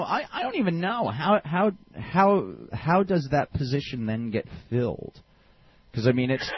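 Excitable stammery radio host guy, swings all over in pitch, husky, dull lo-fi sound. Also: no echo. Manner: animated, stammering, swears freely. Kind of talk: casual political talk radio chat.

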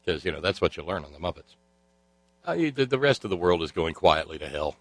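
Male talk host, lowish pitch, close dry sound; sardonic, rambling commentary. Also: big pitch swings, fast talker, dry recording, low-quality recording. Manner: sarcastic, rambling with many filler sounds. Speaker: radio talk show host.

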